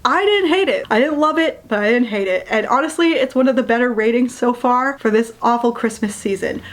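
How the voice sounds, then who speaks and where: A woman's voice: fairly high pitch, brisk. A young woman reviewing a book in a casual rant, retelling scenes with sarcastic asides.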